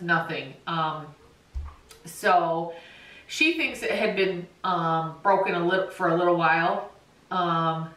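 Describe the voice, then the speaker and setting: A woman's voice: fairly low pitch, pushed and bright. A middle-aged woman vlogging, telling a personal story to her viewers in a candid, chatty, heartfelt way. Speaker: dog-owner vlogger. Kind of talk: casual storytelling to camera. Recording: echoey room, voice a bit far from mic.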